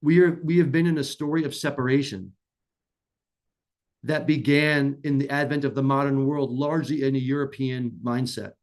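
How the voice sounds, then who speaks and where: A man's voice: medium pitch, steady tone, moderate pace, darkish tone. Man, conference talk, earnest, emphatic delivery, frequent restarts. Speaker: conference speaker.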